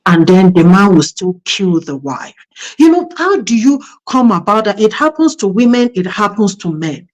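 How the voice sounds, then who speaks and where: A woman's voice: mid-range voice, very animated, moderate pace, highs cut off. Reflective female pastor hosting a talk. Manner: reflective, tells anecdotes with many fillers. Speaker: pastor and host. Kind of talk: conversational talk on marriage.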